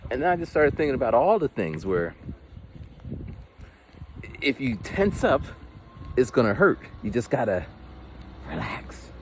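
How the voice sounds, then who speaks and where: A man's voice: medium pitch, big pitch swings, moderate pace, long pauses. A man vlogging while walking, chatting casually and rambling, with frequent swearing. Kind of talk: casual walk-and-talk monologue. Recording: walking outdoors with faint street noise.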